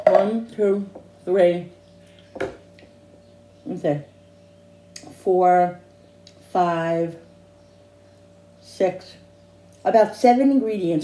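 A woman's voice: fairly low pitch, slow, pauses often, mellow, a little hiss or hum. A woman chatting casually in a home cooking vlog, rambling with restarts and tasting hums. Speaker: cooking vlogger. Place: home kitchen. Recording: echoey kitchen with dish clatter.

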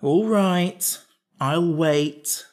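A man's voice: high-pitched, lively intonation, measured pace, pitched above the performer's own voice. Man doing earnest Jack Pumpkinhead. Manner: earnest, simple, eager to please. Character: simple wooden man with a pumpkin head, earnest. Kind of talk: audiobook character voice.

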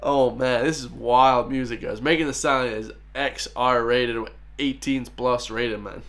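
A man's voice: medium pitch, fairly even intonation, measured pace, fairly bright tone. A man with an Irish accent hosting a reaction video in a casual, chatty way, often laughing and calling his viewers guys and bro. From Ireland.

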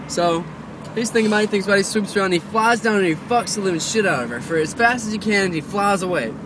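A man's voice: high-pitched, animated, quick pace. A man hosting a channel and telling crude jokes while driving, repeating his phrases in laid-back banter. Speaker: channel host. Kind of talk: casual joke telling. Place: driving a car, stopped at a red light. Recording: distant mic with road noise.

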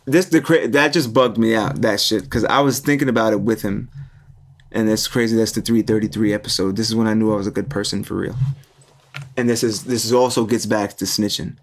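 A man's voice: on the low side, fairly quick, a little hiss or hum. A young man hosting a podcast, telling a story casually, swearing freely and voicing the people in it. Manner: animated storyteller, swears freely, voices people in his stories. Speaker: podcast host.

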